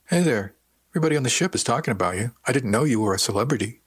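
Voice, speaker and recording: A man voicing a gentle, wounded woman who speaks softly and hesitantly in an audiobook. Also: medium pitch, animated, racing, slightly rough, dry recording. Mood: cheerful. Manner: soft, hesitant, quietly defensive. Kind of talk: audiobook character voice.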